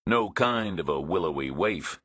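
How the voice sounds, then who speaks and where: A man narrating a thriller audiobook in a measured, understated reading. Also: deep voice, expressive, a bit bright, breathy edge, no echo, clean studio sound.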